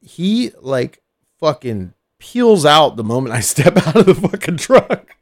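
A man's voice: on the high side, big pitch swings, unhurried. A man co-hosting a casual radio show, telling a story with plenty of swearing and laughing mid-sentence. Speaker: co-host.

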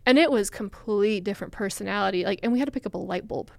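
A woman's voice: medium pitch, fast, gravelly, no room sound. A young adult woman, a podcast guest, telling a personal story in a chatty way with lots of "like" fillers. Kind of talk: casual storytelling.

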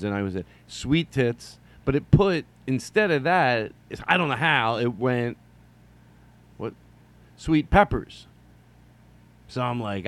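A man hosting a solo comedy podcast, rambling through a story with jokey asides and quick mock voices. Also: mid-range voice, lively intonation.

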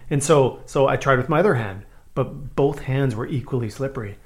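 A man from Saskatchewan, Canada, telling a childhood story on a podcast, self-mocking and animated. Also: medium pitch, normal speed. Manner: animated, self-mocking, acts out scenes in loud voices. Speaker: podcast host. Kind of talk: casual storytelling.

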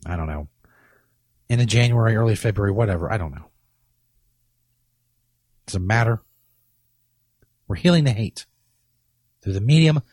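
A man's voice: medium pitch, darkish tone, breathy edge, dry recording. A man hosting a comedy podcast with a rambling, boastful, profane monologue, coming down with a cold. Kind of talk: crude comic monologue.

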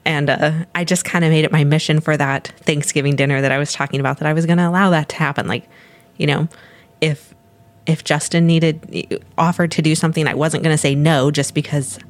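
A woman's voice: low voice, steady tone, brisk. A woman co-hosting a casual podcast, speaking in a reflective, supportive way with hesitant restarts. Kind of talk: casual chat.

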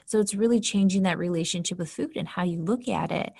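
Lowish-voiced woman coach doing a chatty candid solo podcast, super dry close sound. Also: fast, gravelly, darkish tone, husky, no echo. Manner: candid, chatty, lightly swearing. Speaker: podcast host and health coach. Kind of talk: casual solo podcast talk.

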